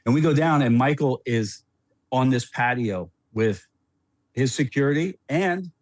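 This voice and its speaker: Animated man telling a rambling story, dry sound. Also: medium pitch, measured pace, dry recording. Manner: rambling and animated, with frequent restarts and laughs. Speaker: podcast guest, former NBA player. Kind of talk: casual storytelling on a podcast.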